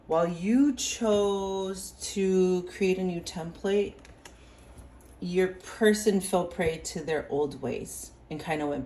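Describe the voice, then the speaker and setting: A woman's voice: fairly low pitch, mellow, slight background noise, low-quality recording. A young woman giving a casual tarot reading, chatty, filling her talk with "like" and checking in with "okay?". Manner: chatty, lots of "like" and "okay?", laughs and apologizes. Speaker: tarot reader. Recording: music playing behind voice.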